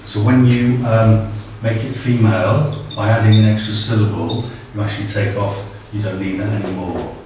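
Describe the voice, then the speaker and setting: Male tutor, slightly low voice, halting delivery; distant, roomy recording with faint hiss. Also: darkish tone. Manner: hesitant, many ums and uhs. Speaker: language teacher. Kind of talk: casual spoken tutorial. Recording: very echoey, distant, faint background noise.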